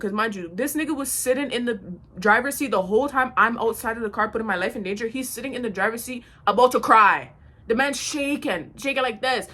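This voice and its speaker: A young woman vlogger telling a storytime tale while getting ready, animated and slangy, swearing freely. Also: on the high side. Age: young adult.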